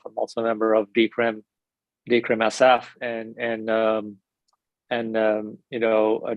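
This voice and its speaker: A man from India, introducing himself haltingly on a video call. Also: lowish voice, vocal fry, no room sound, poor audio. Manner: halting, many fillers and restarts. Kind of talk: casual self-introduction.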